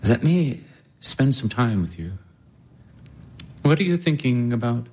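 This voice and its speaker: A man's voice: medium pitch, animated, unhurried, darkish tone. An actor in his twenties playing an earnest young baron pleading his love. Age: 20s. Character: earnest young male baron, lovesick suitor. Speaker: baron, suitor. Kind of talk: stage drama acting.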